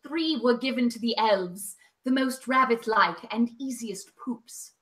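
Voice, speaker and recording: A woman's voice: fairly high pitch, fairly bright tone, recorded from a distance, voice pushed down. Woman putting on a solemn elven queen. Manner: slow grave recitation.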